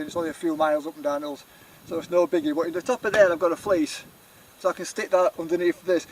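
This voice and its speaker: A middle-aged man with a Yorkshire accent, rambling cheerfully through a camping vlog outdoors on a windy hilltop. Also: sits high. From Yorkshire, England. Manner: rambling, chatty, self-deprecating. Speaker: outdoor vlogger.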